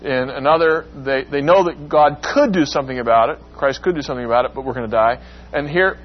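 A man teaching a Bible class, asking the class questions and acting out the quoted lines in a dramatic voice. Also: quick pace. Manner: questions the class and acts out quotes with rising pitch. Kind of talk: interactive Bible class lecture. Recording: dull lo-fi recording with faint hum.

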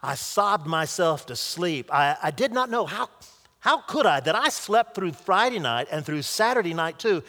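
A man's voice: sits high, very animated, moderate pace, sharp tone. A man preaching a sermon by retelling a story earnestly, with small restarts, in a large hall or church. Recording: long hall reverb.

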